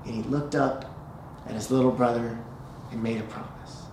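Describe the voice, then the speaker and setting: A male pastor preaching a sermon, telling a story and slowing down for emphasis. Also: medium pitch, fairly even intonation, noisy background. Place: church sanctuary. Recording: echoey church hall, faint ambience.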